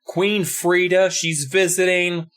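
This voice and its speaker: A man's voice: sits high, little pitch movement, slow, a bit bright, clear, resonant tone, pitched above the performer's own voice. A man voicing a crude, bossy male wizard with a put-on accent in a comic podcast retelling. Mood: scheming.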